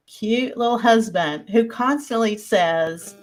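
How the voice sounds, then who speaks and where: A woman's voice: a little high, expressive, measured pace, hardly any pauses. A woman with a Southern US accent co-hosting a podcast, chatting casually in a folksy way and laughing often. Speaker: podcast co-host. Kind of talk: casual chat.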